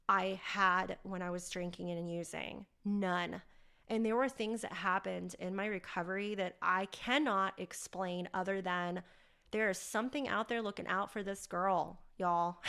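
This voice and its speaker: A woman's voice: medium pitch, vocal fry, a bit bright. A woman hosting a podcast, telling a personal story candidly and with animation. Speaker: podcast host.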